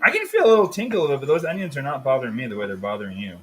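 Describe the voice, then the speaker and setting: A man's voice: mid-range voice, very animated, racing, slight background noise, low-quality recording. A man hosting a live cooking stream, explaining steps and teasing his co-host in a casual, joking way. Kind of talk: casual live cook-along chat.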